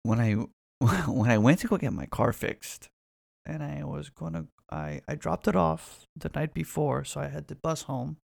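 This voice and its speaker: Gravelly, profane young man rambling. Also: on the high side, moderate pace, a little mellow, no room sound, studio quality. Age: 20s. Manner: rambling, profane, restarts often. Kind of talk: casual solo rant.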